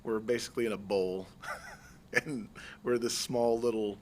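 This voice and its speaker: A man from the Marshall Islands, a guest on a podcast, talking in a laid-back, dry and sarcastic way with halting fillers. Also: lowish voice, steady tone, a little hiss or hum. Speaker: guest, army veteran. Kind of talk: casual interview chat.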